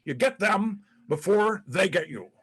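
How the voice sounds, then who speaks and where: A man's voice: high voice, expressive, a little slow, a bit bright, a little hiss or hum. A man playing a disgraced, paranoid ex-president in a one-man stage monologue, profane and rambling, stammering between bluster and self-pity. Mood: scheming, boastful. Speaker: actor in a one-man play. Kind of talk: live-streamed stage monologue.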